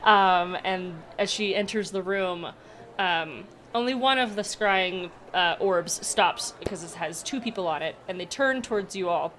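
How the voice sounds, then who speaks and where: A woman's voice: fairly low pitch, measured pace, a bit bright, a little hiss or hum. A woman game master narrating a tabletop game in a casual, rambling way. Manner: casual, filler-heavy narration.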